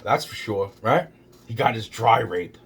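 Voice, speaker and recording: A man's voice: fairly low pitch, lively intonation, a little slow, a bit bright, breathy edge. Agitated, profane man telling a story. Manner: heavily profane, agitated, repetitive. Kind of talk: rambling first-person storytelling.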